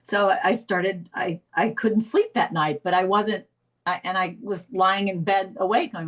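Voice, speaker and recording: A middle-aged woman telling her story as a therapy volunteer, tearful, halting and apologetic with many restarts. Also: medium pitch, steady tone, a bit bright, poor audio. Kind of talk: emotional personal account.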